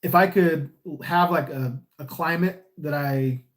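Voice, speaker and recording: A Californian man talks loosely through a live stream, answering viewer comments as he goes. His delivery is smiley and easygoing, wandering through restarts. His voice sits a little higher than most men's. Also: measured pace. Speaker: repo agent and YouTuber. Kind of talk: casual live-stream chat reading comments.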